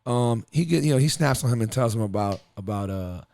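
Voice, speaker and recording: A man's voice: mid-range voice, brisk, vocal fry. A man hosting a podcast, chatting casually and telling stories in a rambling, profane way. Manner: rambling, profane, animated storytelling. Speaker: podcast host. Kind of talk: casual chat.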